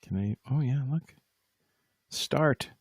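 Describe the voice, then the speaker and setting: Speaking slowly at a medium pitch with a breathy edge, a musician hosts a laid-back home livestream, wandering from topic to topic, mocking himself, and talking right to his viewers. The audio is studio-grade, without any room sound.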